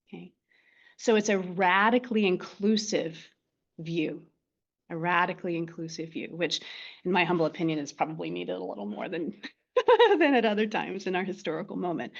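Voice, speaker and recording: A woman with a fairly low voice gives a meditation teaching to a group. She speaks gently and keeps checking in with her listeners. The sound is muffled and lo-fi, like an online talk. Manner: gentle, often ends phrases with "right?" and "okay?".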